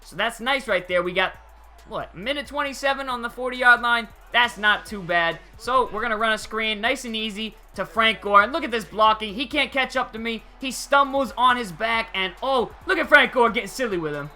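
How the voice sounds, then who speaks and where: A young man giving casual, excitable gameplay commentary over a football video game, using slang and chuckling often. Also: extremely high pitch, normal speed, faint music behind. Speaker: gaming channel host.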